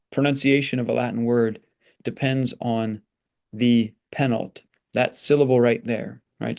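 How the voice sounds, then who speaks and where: A man's voice: mid-range voice, creaky, darkish tone. Man patiently explaining Latin sentences. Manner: patient, explanatory, sounds out syllables slowly. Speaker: Latin teacher. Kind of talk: explanatory lesson.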